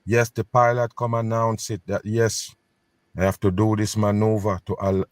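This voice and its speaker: Low-voiced scornful commentator. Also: male voice, little pitch movement, normal speed, no echo, studio quality. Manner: emphatic, keeps repeating "pay attention, people"; scornful, conspiratorial. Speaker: host reacting to news clips. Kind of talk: casual commentary.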